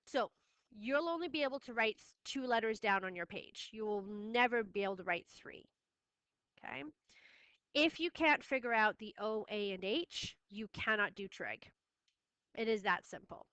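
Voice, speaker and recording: A woman's voice: fairly high pitch, moderate pace, bright, forceful tone, clear, resonant tone, no echo. A woman teaching a math lesson, firm and repeating key steps for her students. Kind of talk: classroom lesson recording.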